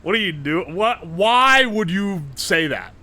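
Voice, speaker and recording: A man's voice: sits high, animated, a little slow, bright, forceful tone. A man streaming live, reading his chat aloud and reacting in a joking, profane way. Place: home streaming setup.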